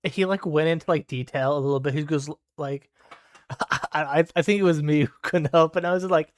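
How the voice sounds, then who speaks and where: A man's voice: a little high, brisk, dry recording, studio quality. A young man streaming a game late at night, telling a rambling, profane story full of fillers. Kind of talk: casual storytelling while gaming.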